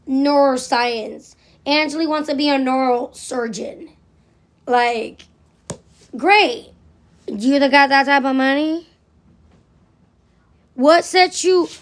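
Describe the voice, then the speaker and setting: A middle-aged woman with a high-pitched voice rants through a livestream monologue. She is blunt and swears freely, hammering her points by saying them twice. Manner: blunt, profane, repeats phrases for emphasis.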